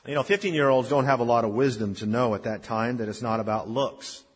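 A man in his fifties preaching a sermon, telling stories and swinging between loud emphasis and hushed, quiet lines. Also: mid-range voice, a little fast, breathy edge. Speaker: pastor. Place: church sanctuary. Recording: long reverb of a church hall.

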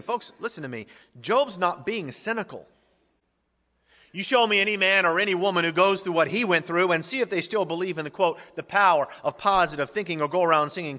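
A man preaching a sermon in a large hall, his slightly high, bright and forceful voice rising to emphatic peaks and dropping to near whispers. The sound carries a long reverb from the room. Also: lively intonation, normal speed. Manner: preaching with dramatic swings from loud to hushed. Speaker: pastor.

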